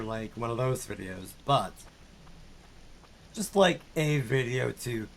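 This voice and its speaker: A man's voice: medium pitch, lively intonation, slow pace, gravelly, long pauses. A young man streaming a game, chatting casually in a rambling, self-mocking way and laughing often. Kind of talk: casual chat while gaming.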